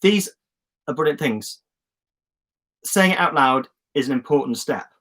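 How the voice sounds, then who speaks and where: A man's voice: medium pitch, animated, unhurried, fairly bright tone. A man from England hosting a live online journaling session, chatty and encouraging, calling out viewers' comments with enthusiasm. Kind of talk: casual live-stream coaching. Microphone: phone or webcam on a live stream.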